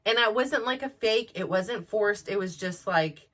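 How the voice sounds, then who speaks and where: A woman's voice: medium pitch, unhurried, fairly bright tone. A woman in her forties hosting a podcast, talking candidly and rambling with many restarts. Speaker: podcast host. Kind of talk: candid personal monologue.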